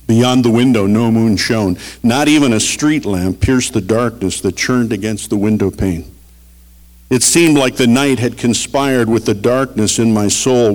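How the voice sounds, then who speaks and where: A middle-aged man preaching a sermon, earnest and storytelling, swinging between loud emphasis and quiet. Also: fairly low pitch. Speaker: pastor. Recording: long reverb of a large hall.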